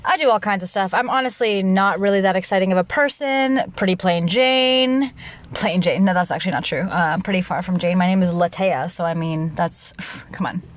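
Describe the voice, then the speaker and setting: Loud, rambling young woman podcaster. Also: fairly low pitch, brisk, hardly any pauses. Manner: rambling, restarts often, laughs at herself; loud, animated delivery. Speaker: podcast host. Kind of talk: casual solo monologue.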